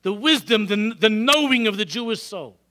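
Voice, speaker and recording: Middle-aged man, rabbi giving a synagogue lecture, fairly high voice, bright and forceful, lively storytelling. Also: normal speed. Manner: animated storytelling with rhetorical questions. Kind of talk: lecture to a congregation. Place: synagogue hall.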